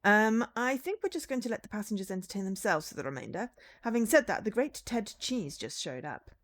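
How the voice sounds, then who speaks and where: A woman's voice: mid-range voice, sing-song, fairly quick. A woman reading out a gushing thank-you message from a cruise-ship client in a video game.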